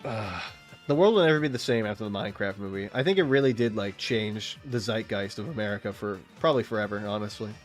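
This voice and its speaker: A man's voice: on the low side, fast talker, soft background music. A man in his late twenties streaming a game, rambling in casual, profane commentary and chatting with his viewers and the game's animals. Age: late 20s.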